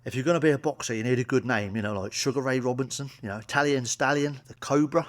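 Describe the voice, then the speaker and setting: A man's voice: medium pitch, fast. A man from England telling crude, sweary jokes to camera as a stand-up comedian. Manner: blunt and sweary, with a chuckling aside. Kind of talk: crude joke-telling monologue. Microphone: solo to camera, wearing a mask.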